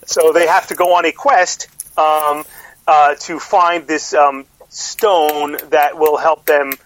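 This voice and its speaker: A man's voice: a little high, fairly even intonation, slow, fairly bright tone, low-quality recording. A middle-aged man co-hosting a podcast in casual chat, rambling with lots of fillers and restarts. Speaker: podcast co-host.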